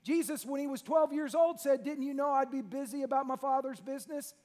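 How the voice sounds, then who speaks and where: A man with a strikingly high voice preaches in a drawl. He sweeps from near-whispers up to ringing shouts as he drives home each point. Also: fairly quick. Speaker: pastor. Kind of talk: sermon.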